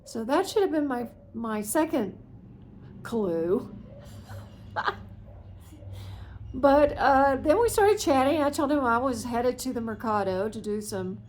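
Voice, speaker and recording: A woman's voice: fairly high pitch, animated, a little slow, a little mellow, a little hiss or hum. A woman in her sixties tells a story in a casual vlog, chatty and self-mocking, laughing at her own misadventure. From United States. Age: 60s. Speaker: vlogger.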